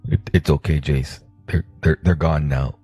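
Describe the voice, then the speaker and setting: A man's voice: rumbling low, steady tone, normal speed, mellow, husky, no echo, faint music behind. A man playing a tabletop game, joking around with stammering restarts. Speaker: player. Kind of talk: casual tabletop play.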